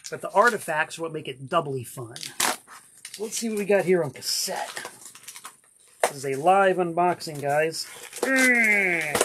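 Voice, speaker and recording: This is a man hosting a relaxed unboxing vlog, his voice sitting a little higher than most men's. He talks in a chatty, enthusiastic way and drifts into rambling asides. He is from Florida and records at home in his cabin. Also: a little hiss or hum. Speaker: vlog host.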